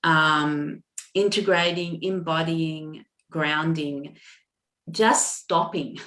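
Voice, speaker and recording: A woman doing a live intuitive card reading, with a soft, halting way of talking, full of fillers and restarts, and moved to emotion. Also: deep voice, echoey room. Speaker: intuitive reader.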